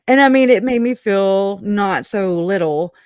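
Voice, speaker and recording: A woman's voice: medium pitch, slow, darkish tone, smooth, dry recording, studio quality. A woman who is a guest on a casual livestream chat over a video call, talking in a candid, folksy way and laughing often.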